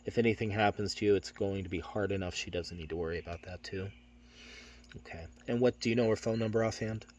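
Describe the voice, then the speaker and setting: Middle-aged guy teaching phone sales, lowish voice, calm even tone, perks up when he plays the salesman. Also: quick pace, muffled recording. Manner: steady matter-of-fact delivery, switches into brighter salesman voice for script lines. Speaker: insurance sales trainer. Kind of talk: sales training with role-played phone script.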